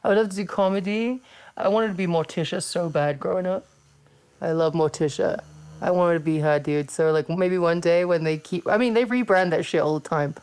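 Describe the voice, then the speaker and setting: A woman's voice: on the low side, a little fast, darkish tone, clear, resonant tone. A woman with an English accent in her thirties, hosting a casual chat, blunt and laid-back, swearing freely. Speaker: podcast host and wrestler.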